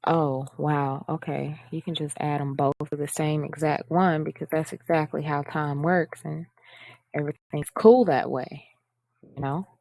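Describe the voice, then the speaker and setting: Low, gravelly-voiced woman coding tutor. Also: fairly even intonation, a little slow, mellow, no echo. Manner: chatty, self-mocking, reads instructions aloud. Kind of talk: casual screen-share walkthrough.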